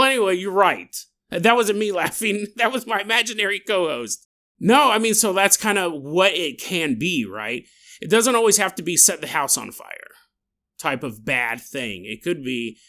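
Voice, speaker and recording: A man's voice: high-pitched, sing-song, moderate pace, vocal fry, bright, forceful tone. A man hosting a podcast, casually telling a paranormal story in a chatty, digressive way and laughing at his own tale. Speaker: podcast host.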